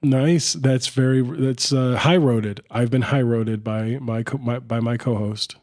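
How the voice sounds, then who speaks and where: A man's voice: medium pitch, steady tone, a little slow, a little mellow. A man co-hosting a casual film podcast, laid-back and rambling, with lots of "like" fillers. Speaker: podcast co-host.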